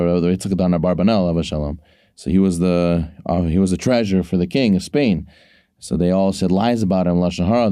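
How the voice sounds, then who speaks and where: Male co-host, low and smooth, lecturing in a storytelling way. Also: dark tone, no echo, clean studio sound. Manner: preachy, storytelling, acts out quotes. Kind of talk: casual sports talk, giving a short Torah lesson.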